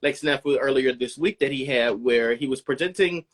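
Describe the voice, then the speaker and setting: A man co-hosting a casual podcast chat, telling stories in a relaxed way full of "like" and "um". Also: medium pitch, normal speed. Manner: relaxed, filler-heavy storytelling with frequent "like" and "um". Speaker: podcast co-host.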